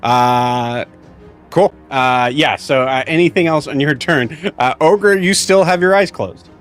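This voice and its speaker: A man's voice: on the high side, fairly bright tone, smooth. Man, game master; laid-back, filler-heavy narration over faint music. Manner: casual, halting with many fillers.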